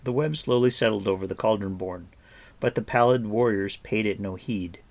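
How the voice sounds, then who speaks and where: A man reading a fantasy novel aloud as audiobook narrator, soft and even. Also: fairly low pitch, normal speed, vocal fry. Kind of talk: scripted narration.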